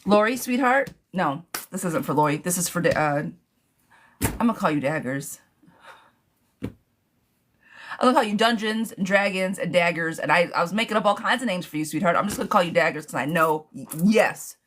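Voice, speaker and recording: A woman's voice: lowish voice, lively intonation, a little fast, a bit bright, a little hiss or hum. Chatty woman reading tarot live. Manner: chatty, playful, calls viewers darling and girl. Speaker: tarot reader.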